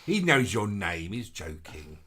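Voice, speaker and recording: A man's voice: on the low side, big pitch swings, unhurried, a bit bright, husky. Camp, gushing male live-show host. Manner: camp, gushing, sing-song greetings. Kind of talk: casual chat reading out viewer comments.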